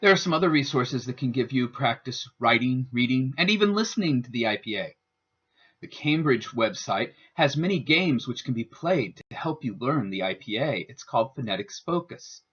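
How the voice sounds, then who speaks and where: A man giving a scripted instructional narration as a student presenter, with a careful, deliberate teaching delivery. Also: mid-range voice, expressive, fairly bright tone, husky. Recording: dull lo-fi voice-over.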